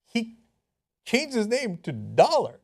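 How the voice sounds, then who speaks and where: A man's voice: extremely high pitch, huge pitch swings, slow pace, creaky, a little mellow, breathy edge. A man giving sarcastic commentary, mocking what he shows and parodying it in silly voices.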